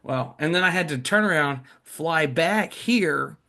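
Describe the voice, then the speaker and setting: A man in his thirties co-hosting a podcast, telling animated, joking stories in a casual chat. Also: a little high, measured pace. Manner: animated storyteller, lively jokes. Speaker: podcast co-host.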